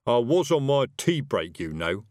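Nervous young wizard, voiced by a man: loud, hesitant, placating. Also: mid-range voice, lively intonation, moderate pace, dry recording, lightly acted.

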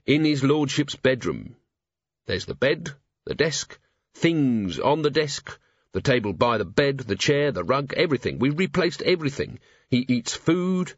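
A man's voice: mid-range voice, very animated, unhurried, breathy edge, no echo, highs cut off, pitched above the performer's own voice. A man voicing a grim, angry male watch commander in an audiobook, talking in clipped, barely controlled bursts. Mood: tense.

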